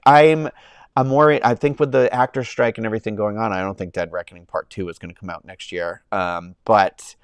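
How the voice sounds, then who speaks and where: Young man, casual streamer, smooth and clear, dry close-mic sound, rambly and effusive. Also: on the low side, dry recording. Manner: rambling, many fillers and restarts, gushing. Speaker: movie review livestream host. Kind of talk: casual chat. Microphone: own microphone, close.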